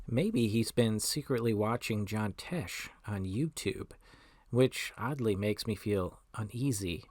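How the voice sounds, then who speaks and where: A man in his forties hosting a solo podcast. He talks in a wry, self-mocking way, with deadpan asides. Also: on the low side, takes it slowly, dry recording. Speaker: podcast host.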